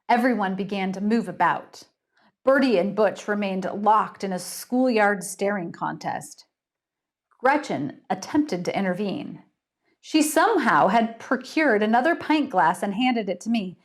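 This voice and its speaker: A woman author chatting encouragingly, then reading her mystery story aloud with dramatic pauses. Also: medium pitch, lively intonation. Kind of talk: casual chat and storytelling read-aloud.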